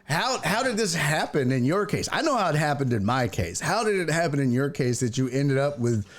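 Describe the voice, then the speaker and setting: A man's voice: fairly high pitch, very animated, a little fast. A man hosting a casual interview, laughing often and swearing freely as he jokes. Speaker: podcast host and stand-up comedian.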